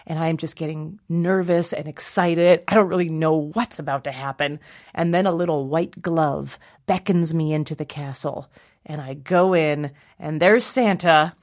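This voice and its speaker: Casting: woman, comic storyteller, animated, acts out voices. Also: low voice.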